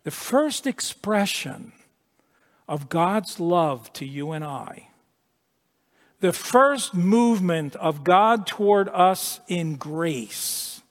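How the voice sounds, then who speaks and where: Man preaching, high voice, slow deliberate delivery, emphatic with hushed drops, long hall echo. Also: expressive. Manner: emphatic, repeats words, drops to a hush at key points. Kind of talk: sermon.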